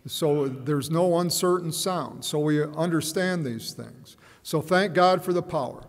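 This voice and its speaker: Man preaching in a reverberant church. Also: a little high. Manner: measured, musing, hesitant with fillers and repeats. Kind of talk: sermon.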